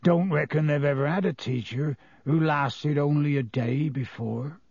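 A man voicing a huge, gruff but kindly groundskeeper with a growling, thick voice. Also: high voice, sing-song, slow, dry recording, clean studio sound, voice pushed up, full character voice. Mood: glum.

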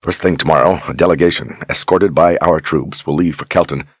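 An earnest young lord and war wizard who speaks plainly and courteously, voiced by a man reading an audiobook. The voice is very deep and a little husky. It sounds close and dry. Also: brisk, dry recording.

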